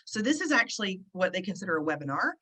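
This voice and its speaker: A woman hosting an online gathering over a video call, chatty and excitable, with lots of fillers. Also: mid-range voice, quick pace, slightly rough, low-quality recording. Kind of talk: casual chat. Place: at the beach, indoors.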